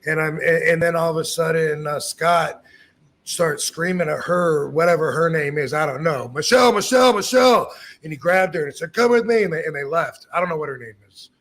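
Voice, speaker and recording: Gravelly, husky man telling a story. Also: fairly high pitch, a little fast. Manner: animated, acts out quoted lines, swears freely. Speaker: podcast host telling a story. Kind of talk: casual storytelling.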